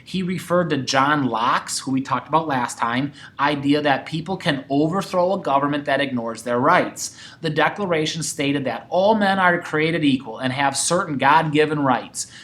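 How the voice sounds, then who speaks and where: A man's voice: a little high, normal speed, hardly any pauses. A man teaching a sixth-grade history lesson, talking to his class and acting out quoted voices. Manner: animated, acts out quoted voices.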